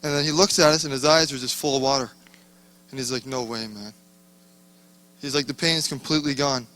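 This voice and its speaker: Bright-voiced man telling a rambling testimony. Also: a little high, steady tone, fast. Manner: rambling, self-interrupting storytelling. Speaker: conference attendee sharing a testimony. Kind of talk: casual testimony.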